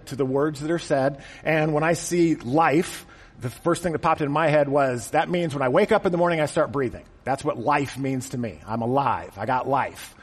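A man's voice: fairly high pitch, slightly rough, big-room sound. A man preaching a conversational, joking sermon to a congregation in a church. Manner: conversational and joking, acts out quotes. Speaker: pastor. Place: church auditorium.

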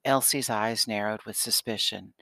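A man reads a children's novel aloud in a steady, expressive way. His voice sits low but sounds bright and forceful. The recording is close and dry, with no room sound. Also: normal speed, gravelly, no echo. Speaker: audiobook narrator. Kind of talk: scripted audiobook narration.

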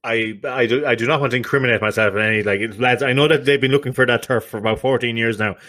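A man's voice: medium pitch, steady tone, fast, bright, forceful tone. A young Irish man chatting casually as a podcast co-host, rambling, laughing often, swearing and making silly vocal noises. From Ireland. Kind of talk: casual banter.

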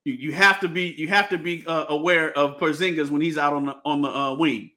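A man's voice: on the high side, fairly even intonation, a little fast, bright, forceful tone. A man hosting a casual sports podcast, talking with many fillers and restarts and laughing often. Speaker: podcast host.

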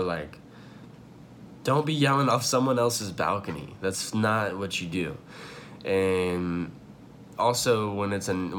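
A man's voice: sits low, fairly bright tone, slight background noise. A young man telling a long personal story in a casual, rambling way, full of fillers and swearing, at home. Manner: rambling, profane, filler-heavy with many likes. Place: home room.

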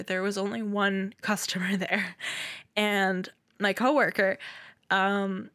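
A young woman hosting her podcast, telling work stories in a lively, chatty way. She laughs a lot as she talks and slips into quick voices for her customers. The sound is close and dry, with no room around it. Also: medium pitch, no echo. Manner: animated, laughs often, acts out customer voices. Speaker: podcast host. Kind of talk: casual storytelling monologue.

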